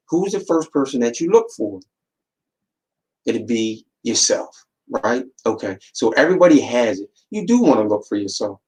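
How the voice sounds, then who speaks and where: Man, podcast host, casual motivational talk, repeats for emphasis, mid pitch. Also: darkish tone, rough recording. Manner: preachy, repeats words for emphasis, acts out quotes.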